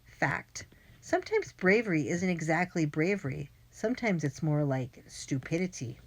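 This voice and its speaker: A woman with a fairly low voice reads a first-person children's adventure aloud. She tells it in a lively, plain and clear way, like a storyteller. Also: moderate pace. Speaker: audiobook narrator. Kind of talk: first-person audiobook narration.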